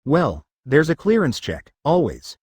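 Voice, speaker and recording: A man's voice: fairly high pitch, huge pitch swings, measured pace, darkish tone, breathy edge, dry recording, exaggerated voice. A man reading the part of a jovial, easygoing young ogre prince. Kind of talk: fan fiction reading.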